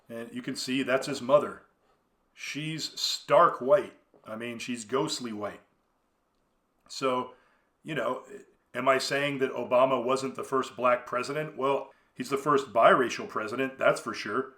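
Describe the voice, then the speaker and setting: A man's voice: medium pitch, normal speed, sharp tone. Rambling man hosting a podcast. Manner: rambling and conversational, many fillers and restarts. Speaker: podcast host. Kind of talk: solo commentary podcast.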